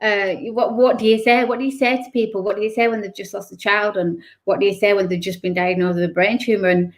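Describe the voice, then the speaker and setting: A woman opens up as an interview guest. She talks candidly and with feeling, stopping and restarting her sentences as she recounts hard times. Her pitch sits at a middling level. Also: fairly even intonation, quick pace. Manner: candid and emotional, many restarts and self-corrections. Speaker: guest author. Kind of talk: personal storytelling in an interview.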